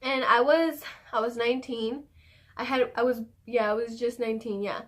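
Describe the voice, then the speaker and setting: A young woman with a fairly high voice tells a story to her viewers. She talks in a loose, chatty way, cusses freely and fills her sentences with fillers. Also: fairly even intonation, moderate pace. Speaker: vlogger. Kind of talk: casual storytime.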